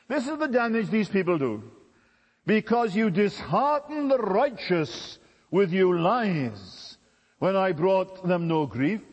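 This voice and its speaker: A man's voice: big-room sound, lo-fi sound. A man preaching a sermon with emphatic delivery, from Britain. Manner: emphatic, with sweeping pitch swings.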